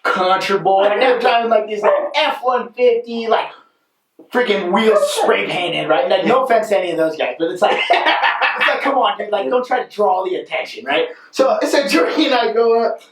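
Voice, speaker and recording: High-voiced young man telling a rambling story. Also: moderate pace, a little hiss or hum. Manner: rambling, animated storyteller who keeps saying "right?". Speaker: podcast co-host. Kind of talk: casual storytelling chat. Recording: echoey room, mic at a distance.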